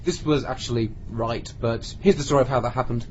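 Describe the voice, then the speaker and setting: A man's voice: medium pitch, fairly even intonation, fairly quick. A man telling a comic anecdote in a casual podcast chat, acting out the lines of the people in it. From Britain. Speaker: podcast co-host. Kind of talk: casual storytelling among friends. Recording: lo-fi podcast with faint noise.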